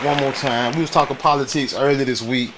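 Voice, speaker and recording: A man's voice: mid-range voice, steady tone, fairly quick, a crowd in the background, background noise. A man from the United States hosting a casual political talk stream. He uses loose slang, repeats his points and keeps stopping to greet viewers in the chat. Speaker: livestream host.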